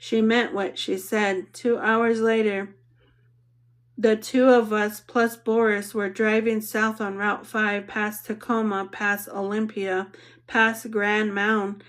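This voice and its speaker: A woman narrating an audiobook in the first person, reading in a measured, reflective way. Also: mid-range voice, little pitch movement.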